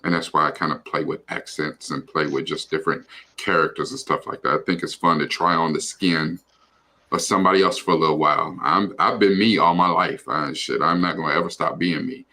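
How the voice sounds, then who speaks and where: Deep gravelly guy just rambling on a stream, kinda bright edge to it. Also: fairly even intonation, fairly quick. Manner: rambling, loose with fillers and profanity. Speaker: livestream co-host. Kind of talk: casual chat.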